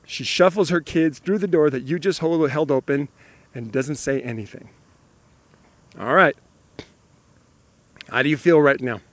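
A man's voice: on the high side, no echo. Playful man giving a motivational talk. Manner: playful, acts out inner voices, laughs often, drops to a whisper. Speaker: motivational speaker.

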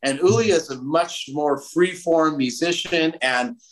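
A man, a musician guest, telling a story in a casual interview, animated and swearing freely. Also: a little high, measured pace, slight background noise, low-quality recording. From United States.

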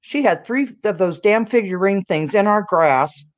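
A middle-aged woman from Texas, talking as a guest on a chat show. She tells family stories in a lively, rambling way and leans on "you know" a lot. Her delivery is casual and unscripted. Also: medium pitch, moderate pace. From Dallas area, Texas. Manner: lively, chatty, many fillers like "you know".

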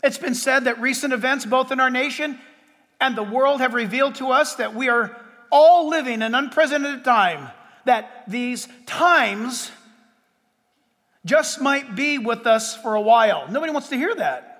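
A man preaching a sermon as pastor, with dramatic pauses and sudden loud bursts. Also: very high-pitched, animated, big-room sound.

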